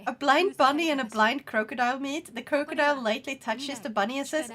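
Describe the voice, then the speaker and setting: A young woman with a Swedish accent chatting on a live stream, excitable and swearing freely. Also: high voice, fairly quick, hardly any pauses. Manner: excitable, swears freely, loud bursts of laughter. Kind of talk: casual live-stream chat.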